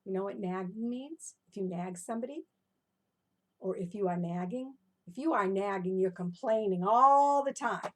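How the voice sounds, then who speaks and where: A woman reading her own animal rhymes to young children, animated and encouraging, often stopping to ask the listener questions. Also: mid-range voice, moderate pace. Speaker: children's storyteller. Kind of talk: interactive storytelling for children.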